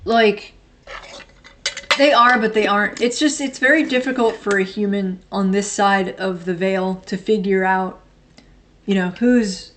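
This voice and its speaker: A woman in her thirties hosting a livestream, chatting casually and answering viewer comments in a rambling, blunt way with frequent laughter. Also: medium pitch. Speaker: livestream host.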